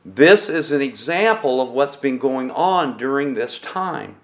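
A male pastor delivers a sermon at a very slow, measured pace in a mid-range voice. He pauses often and keeps putting rhetorical questions to his congregation. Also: mid-range voice, animated.

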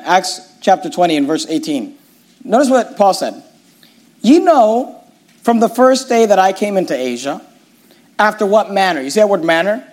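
High-voiced emphatic man preaching. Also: darkish tone. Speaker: pastor. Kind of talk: sermon.

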